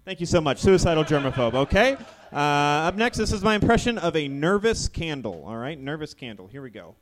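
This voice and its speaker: Guy doing deadpan stand-up one-liners, voice jumps all over, slightly high, faint hiss under it. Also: a little fast, few pauses. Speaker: stand-up comedian. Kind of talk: live stand-up set. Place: live ballroom venue.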